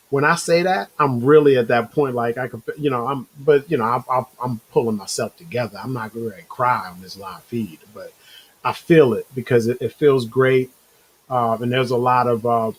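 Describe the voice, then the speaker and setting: A man's voice: medium pitch, breathy edge, poor audio. A man hosting a live-streamed talk show, chatting loosely with viewers, calling them bro and reading their comments aloud. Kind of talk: casual live-stream chat.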